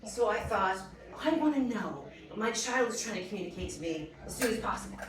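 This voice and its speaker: A young woman telling a funny personal story on a comedy stage. She talks in an animated way, laughs often and acts out the voices in her story. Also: medium pitch, fairly quick. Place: small comedy venue. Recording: roomy distant mic with audience. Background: audience laughing.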